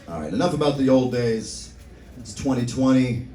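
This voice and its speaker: A man's voice: mid-range voice, animated, normal speed, dark tone, recorded from a distance, slight background noise. Self-mocking male stand-up comic in a club. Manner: self-mocking, wry asides. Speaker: stand-up comedian. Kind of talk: stand-up set. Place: comedy club stage. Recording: roomy club sound from afar. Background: audience laughter.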